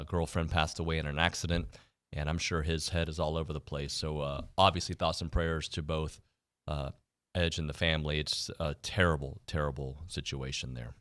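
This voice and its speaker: A man hosting a sports talk radio show, moving from sober news to lively, ranting banter with his co-host. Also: rumbling low, no room sound, studio quality. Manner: animated, builds from somber to excited ranting. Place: radio studio. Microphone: studio mic.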